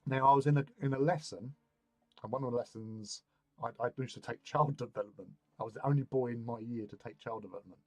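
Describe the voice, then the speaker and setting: A man's voice: medium pitch, quick pace, no room sound. Man rambling through a story. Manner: rambling, anecdotal, loose colloquial speech. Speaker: hobby stream host. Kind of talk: casual storytelling chat.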